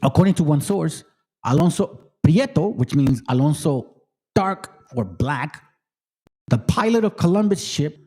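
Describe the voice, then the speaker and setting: High, lively-voiced man ranting. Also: measured pace, husky. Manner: blunt and profane, cuts in on his own reading. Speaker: channel host. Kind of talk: reading a book aloud with heated commentary.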